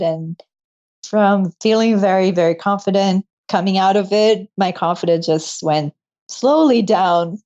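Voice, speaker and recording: A woman's voice: mid-range voice, a little slow, mellow, muffled recording. A young woman, a medical student, telling her story in a casual interview, emotional and laughing often.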